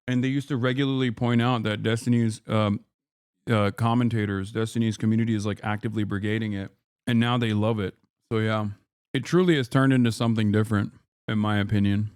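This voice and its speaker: Smooth-voiced man streaming, blunt and rambling. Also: fairly low pitch, steady tone, a little fast, a little mellow, dry recording, studio quality. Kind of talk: casual reaction commentary. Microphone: streaming microphone with noise gate.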